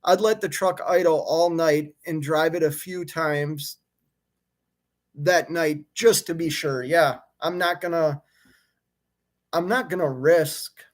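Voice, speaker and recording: A man's voice: on the high side, fairly even intonation, takes it slowly. A man, an owner-operator truck driver, venting his frustration on a live stream from a hotel room, fired up and restarting his sentences, then reading viewer comments.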